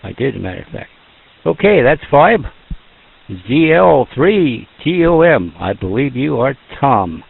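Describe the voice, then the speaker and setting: Folksy net-control operator, man, slow and gravelly, tinny radio sound. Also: mid-range voice, big pitch swings. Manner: folksy, joking, slow and drawn out. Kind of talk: casual radio net chat.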